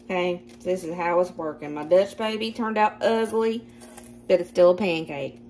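A woman with a Southern American accent chatting casually through a cooking demonstration in her home kitchen. She is self-deprecating and quick to laugh. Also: fairly low pitch, a little mellow, a little hiss or hum. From Southern United States. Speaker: cooking vlogger.

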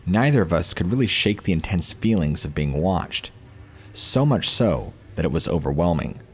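Deep-voiced man narrating a horror story. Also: very animated, moderate pace.

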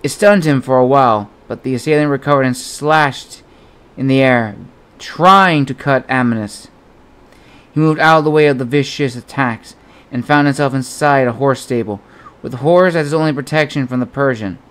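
A man narrating an adventure novel as an audiobook in a steady storytelling manner. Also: medium pitch, moderate pace, clean tone.

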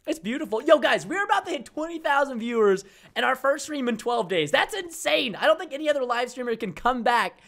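Excitable young male game streamer. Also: extremely high pitch, fairly quick. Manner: energetic, excitable, bursts into shouting during fights. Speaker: gaming live streamer. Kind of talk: excited live stream commentary.

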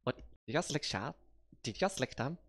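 A woman's voice: very deep voice, lively intonation, fairly quick. A woman streaming a game with playful, giggly commentary, now and then shrieking and putting on silly voices for the characters. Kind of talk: casual gameplay commentary.

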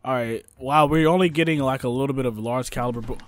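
A young man giving excitable, jokey let's play commentary, talking to his viewers. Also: medium pitch, fast, no room sound. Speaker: gaming YouTuber.

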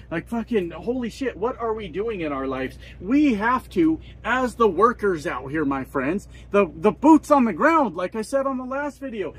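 Husky-voiced man on a profane rant. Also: sits high, rough recording. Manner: exasperated, swears constantly, rambling and repetitive. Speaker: truck driver vlogger.

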